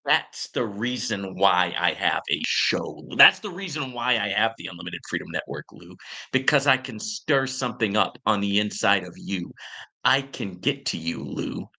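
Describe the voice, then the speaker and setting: A male show host reading out a viewer's comment and answering it with slow, mocking, sarcastic taunts. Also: lowish voice, expressive, gravelly, bright, forceful tone, breathy edge. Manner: sarcastic, teasing, drawn-out taunts.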